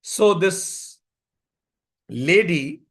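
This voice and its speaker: A man giving a spiritual yoga talk at a symposium, telling stories and repeating key phrases deliberately. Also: sits high, expressive, a bit bright. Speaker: yoga speaker.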